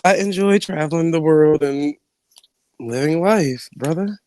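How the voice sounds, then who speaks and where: A man chatting on a live online panel from home, brash and animated, laughing often and swearing freely. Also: a little high, unhurried, a little hiss or hum. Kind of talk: casual trash-talking chat.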